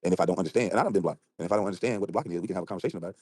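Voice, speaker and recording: A man livestreaming from an outdoor balcony at night, ranting rapidly and combatively and acting out both sides of an argument. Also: low-pitched, darkish tone, slightly rough, no room sound. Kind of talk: heated casual livestream rant.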